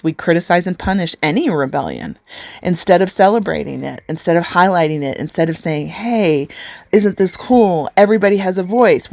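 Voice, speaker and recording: Low-voiced woman coach, earnest. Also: darkish tone, dry recording. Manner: earnest, rhetorical questions, gets emotional. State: emotional. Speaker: life coach. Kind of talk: live coaching talk.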